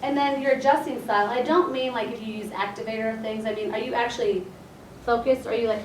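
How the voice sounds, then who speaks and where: A woman's voice: a little high, fairly even intonation, fast talker, a little hiss or hum. A woman chiropractor giving a casual, chatty seminar talk to colleagues and acting out bits of dialogue. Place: meeting room. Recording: echoey room, mic at a distance.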